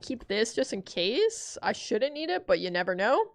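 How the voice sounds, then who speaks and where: A woman in her twenties giving casual gameplay commentary, animated and self-deprecating, cursing as she rants. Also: fairly high pitch, moderate pace. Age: 20s. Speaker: gaming streamer.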